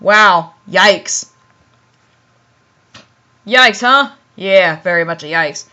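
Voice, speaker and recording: A woman's voice: lowish voice, animated, very slow, bright, forceful tone. A woman reading fan fiction aloud with running commentary, giggling often and stumbling over words.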